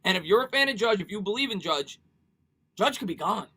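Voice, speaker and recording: A man's voice: high-pitched, animated, brisk, bright, forceful tone, slightly rough. A man hosting a casual live sports stream, talking energetically, repeating himself and reading viewer comments aloud.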